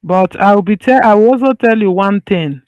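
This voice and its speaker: A man's voice: high voice, normal speed, a little mellow, dry recording, highs cut off. A man teaching medicine over slides. He talks in a loose, conversational way and repeats his points so they stick. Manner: conversational, loose phrasing with restarts. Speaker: medical lecturer.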